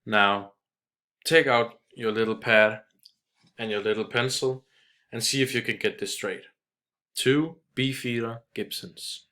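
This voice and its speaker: A man doing a loud, mocking drunk father. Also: mid-range voice, steady tone, slow. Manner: shouting, mocking. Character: loud boisterous middle-aged father, rude to waiters.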